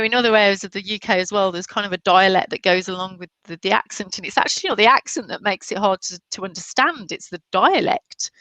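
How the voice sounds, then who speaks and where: A woman's voice: medium pitch, fairly bright tone, no room sound. Chatty woman with a Black Country accent. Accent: Black Country English, softened. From Black Country, England. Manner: chatty, laughs often, many restarts. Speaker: guest. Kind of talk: casual interview chat.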